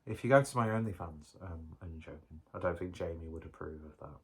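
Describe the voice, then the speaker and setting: Man, deep low voice, loose rambling jokey beer-vlog delivery. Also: brisk, slightly rough. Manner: rambling, jokey, self-mocking. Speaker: beer reviewer. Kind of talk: casual review vlog.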